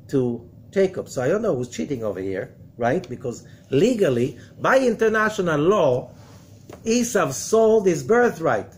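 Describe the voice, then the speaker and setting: Animated man teaching scripture. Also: on the high side, a little slow, a little hiss or hum. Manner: dramatic retelling with rhetorical questions, frequent "okay?". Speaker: rabbi teaching a weekly study class.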